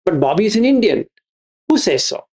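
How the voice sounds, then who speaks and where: A man's voice: high voice, sing-song, brisk, darkish tone. A man giving a Buddhist teaching, repeating his phrases and asking rhetorical questions. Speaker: meditation teacher.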